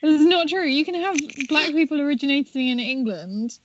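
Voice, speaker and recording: A woman playing a tabletop game, quick to tease and argue back. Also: high voice, animated, dull audio, a little hiss or hum. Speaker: player. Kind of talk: casual tabletop chat.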